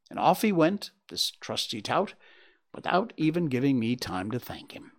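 A man reading a classic story aloud as narrator, with expressive, dramatic, measured storytelling. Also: medium pitch, creaky.

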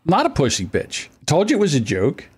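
A man's voice: fairly high pitch, fairly quick, husky. A man hosting a casual podcast chat over an online call, telling stories and acting out what others said. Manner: animated storytelling, acts out quotes. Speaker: podcast host.

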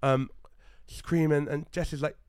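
A man's voice: fairly high pitch, measured pace, smooth, dry recording, clean studio sound. A young man on a casual podcast, retelling a story with heat and lots of swearing. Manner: animated, swears a lot, heated retelling. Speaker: podcast co-host.

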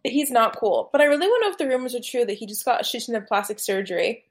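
Woman, casual chat partner, a touch high-pitched, loose and giggly delivery. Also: lively intonation, racing. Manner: chatty, hedging with "like", giggly. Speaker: co-host.

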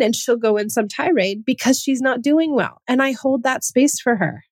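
A woman's voice: fairly high pitch, animated, moderate pace, few pauses, darkish tone, no room sound. A woman hosting a parenting podcast, speaking in an earnest, conversational way with emphatic stresses. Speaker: podcast host.

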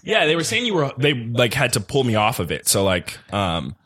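A man on a studio mic, a podcast guest telling a comedic story casually with lots of fillers, jumping high when he quotes people. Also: wildly swooping pitch, normal speed, a bit bright, breathy edge, no room sound. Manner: loose, filler-heavy telling that jumps high for quoted voices.

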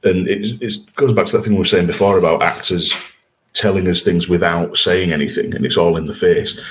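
A man's voice: low voice, a little fast. A man co-hosting a podcast, chatting casually about an episode and laughing often. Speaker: podcast co-host. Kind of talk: casual chat reviewing an episode.

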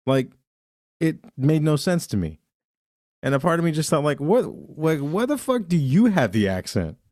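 A man's voice: on the high side, big pitch swings, normal speed, darkish tone, no echo, clean studio sound. Profane, rambling Southern Californian man. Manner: profane, laughing, rambling storyteller. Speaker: podcast host. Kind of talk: casual comedy chat.

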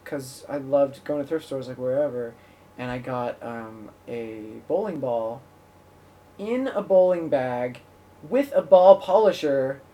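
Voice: mid-range voice, slow pace, mellow, recorded from a distance. A podcast host in a casual comedy chat, giggling often and trailing off mid-thought.

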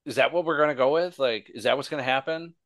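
A man rants on a casual podcast, sarcastic and heavy with profanity. His voice sits at a middle pitch. The sound is dry and close, with no room around it. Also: quick pace, fairly bright tone, no room sound. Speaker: podcast co-host. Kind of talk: casual wrestling podcast chat.

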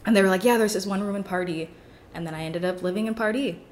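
A young adult woman guesting on a podcast tells a rambling story at a quick pace in a mid-range voice, filling nearly every phrase with "like."

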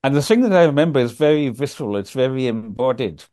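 An older man tells stories in an unhurried, reflective way, pausing on ums and restarting phrases. His voice sits at an ordinary middle pitch and comes across a video call from his office. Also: expressive, warm tone. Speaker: guest. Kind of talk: storytelling in a conversational interview.

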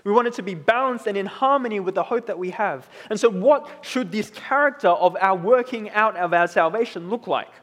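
A man in his thirties preaching a sermon in a relaxed, conversational way, often checking in with "right?". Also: sits high, fairly quick, hardly any pauses, long reverb tail. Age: 30s. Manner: conversational, tag questions like "right?".

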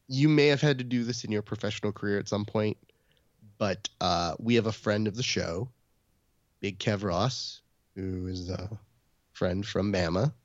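A man co-hosting a podcast in casual chat, telling a story and putting on animated voices to quote people. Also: fairly low pitch, no echo, lo-fi sound. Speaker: podcast co-host.

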